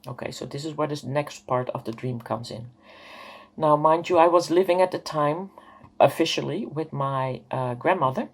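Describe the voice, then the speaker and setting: A woman's voice: deep voice, normal speed, slightly rough. A woman in her fifties telling a personal story to camera, hesitant and rambling, with many fillers. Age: 50s. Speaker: vlogger.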